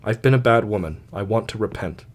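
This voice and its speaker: A man's voice: on the low side, animated, a little fast, close to an everyday voice. A man reading aloud, voicing a desperate young woman fugitive who pleads breathlessly. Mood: subdued. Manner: breathless, imploring.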